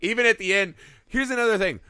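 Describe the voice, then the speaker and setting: A man's voice: high-pitched, quick pace, pushed and bright, clean tone, no room sound, studio quality. A man co-hosting a podcast, talking casually and profanely about a movie and acting out the lines he quotes. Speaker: podcast co-host. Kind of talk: casual movie review chat.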